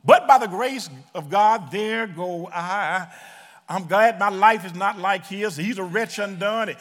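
A man voicing a self-righteous male church deacon who prays loudly and boasts of his own goodness. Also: high voice, a little slow, in a large hall. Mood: boastful. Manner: boastful, loud, proud.

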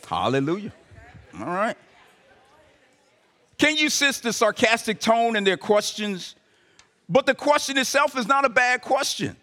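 Speaking to the congregation in a conversational way, this male pastor punctuates his sermon with emphatic rising calls. His voice is high-pitched, pushed and bright, and the live recording carries the reverberation of a large hall.

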